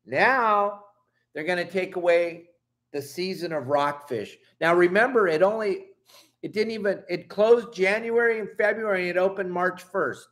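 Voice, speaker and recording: A man's voice: sits high, normal speed, fairly bright tone. A middle-aged man from Southern California hosting a fishing channel, ranting angrily and emphatically, swearing and apologizing. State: upset. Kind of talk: heated vlog rant.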